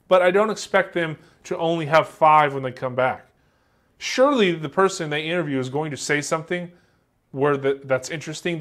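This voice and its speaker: A man's voice: on the high side, fairly bright tone. A man teaching a class in a casual, joking way, acting out example answers with a light Southern American accent. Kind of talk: classroom lecture.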